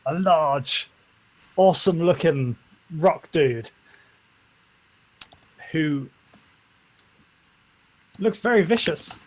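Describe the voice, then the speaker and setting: A man's voice: a little high, expressive, drawn-out words, long pauses, low-quality recording. A man narrating a tabletop game as game master, with many fillers and restarts. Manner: hesitant, full of fillers and restarts.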